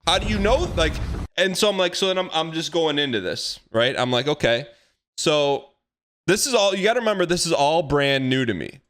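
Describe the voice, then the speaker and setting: A man in his thirties, a streamer telling a rambling, animated story in casual chat with comic exaggeration. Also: fairly high pitch.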